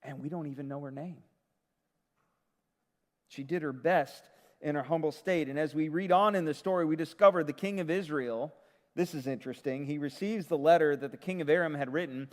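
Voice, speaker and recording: A man preaching a sermon as pastor, retelling a story in a conversational, lively way. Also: a little high, brisk, in a large hall.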